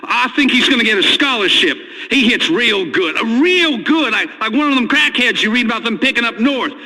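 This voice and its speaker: A man's voice: very high-pitched, expressive, brisk, bright, forceful tone, long reverb tail, full character voice, rough recording. An actor playing a nervous, stammering father who calls in to a radio show. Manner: stammering, hesitant. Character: nervous hick male caller, a father. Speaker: caller.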